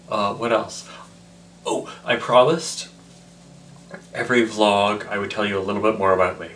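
A man's voice: on the low side, steady tone, moderate pace, long pauses, a bit bright, a little hiss or hum. A tipsy man rambling in a casual, self-mocking vlog. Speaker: vlogger.

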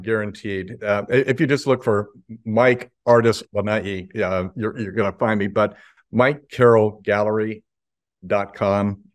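A middle-aged man, a guest artist, telling stories in a relaxed, chuckling way on a video call. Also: fairly low pitch, no echo. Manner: laid-back, chuckling storyteller. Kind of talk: casual interview chat.

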